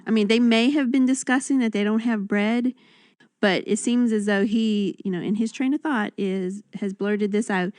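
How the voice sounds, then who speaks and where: A woman's voice: mid-range voice, fairly even intonation, moderate pace, darkish tone, no echo, clean studio sound. A woman reading Bible verses aloud, then commenting on them in a conversational way. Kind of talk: reading and discussing scripture.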